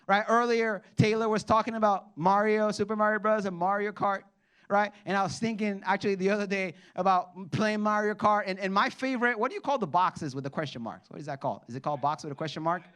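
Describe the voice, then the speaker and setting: A man with a high voice delivering a sermon in a lively preaching manner. He swings between loud, drawn-out lines and quiet, quick asides, and he keeps calling on the congregation to respond. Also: clean tone. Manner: animated preaching with sudden drops to quiet asides. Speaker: pastor.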